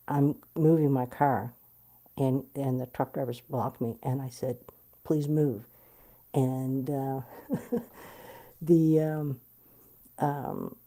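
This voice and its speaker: A middle-aged woman telling a personal story in an interview, animated and blunt, swearing freely. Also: rumbling low. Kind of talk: candid storytelling.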